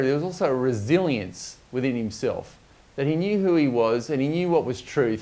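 A man's voice: fairly high pitch, a little mellow. Man preaching a reflective sermon. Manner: reflective, with fillers and restarts.

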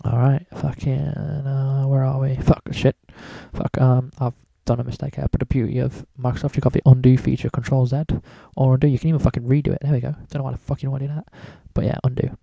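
A man's voice: mid-range voice, level tone, quick pace, gravelly, few pauses, warm tone, no room sound. A man talking casually through a drawing tutorial, rambling and swearing in almost every sentence. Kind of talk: casual screen-recorded tutorial.

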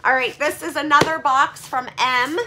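A woman vlogger opening donation boxes and chatting to her viewers in a gushing, excitable way. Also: high-pitched, moderate pace, slight background noise. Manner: gushing and excitable, repeats "oh my gosh" and "holy cow". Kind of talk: casual chat to viewers.

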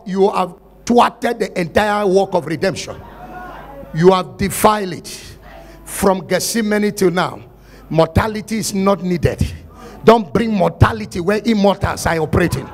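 A man with a Nigerian accent preaching a sermon, often breaking into loud shouts as he acts out Bible scenes. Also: sits high, gravelly. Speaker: pastor.

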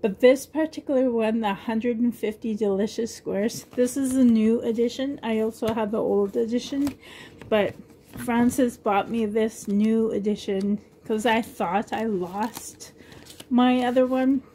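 A woman's voice: fairly high pitch, unhurried, mellow, slight background noise. A middle-aged woman vlogger chatting casually and rambling, with frequent giggles as she shows things. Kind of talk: casual show-and-tell chat.

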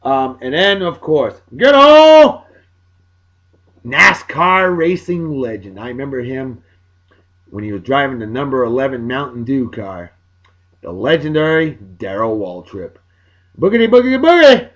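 A man's voice: mid-range voice, moderate pace, pushed and bright. A man in his forties from Massachusetts, hosting a casual, jokey solo show and putting on a folksy country drawl. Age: 40s. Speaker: host. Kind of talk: casual solo video blog.

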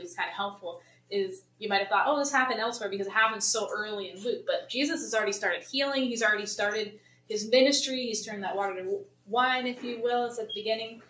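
A woman leading a casual Bible study for a church group, chatty and acting out the people in the story. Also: mid-range voice. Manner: chatty, paraphrases in lively voices. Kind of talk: casual Bible teaching to a congregation. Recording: roomy church hall, mic at a distance.

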